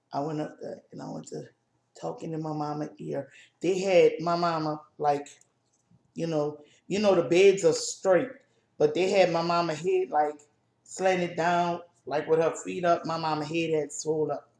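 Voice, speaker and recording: A woman co-hosting a casual chat video, telling a personal family story in a halting, emotional way with many restarts. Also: sits low, darkish tone, reverberant. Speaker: co-host.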